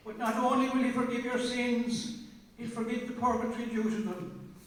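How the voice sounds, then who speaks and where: A man, preaching a sermon as a priest, slow and emphatic, often repeating his phrases. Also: extremely high pitch, flat delivery. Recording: echoey hall from far off.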